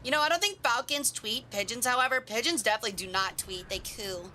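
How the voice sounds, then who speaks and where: A young woman streaming a tank game, chatting with viewers and swearing excitedly as she plays. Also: a little high, quick pace, a little hiss or hum. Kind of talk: casual live gameplay commentary.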